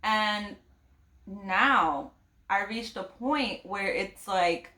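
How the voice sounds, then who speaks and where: Gushing woman book vlogger, slow talk. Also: mid-range voice, pushed and bright, roomy sound. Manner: gushing, emotional, rambling with many fillers. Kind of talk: casual reading vlog chat.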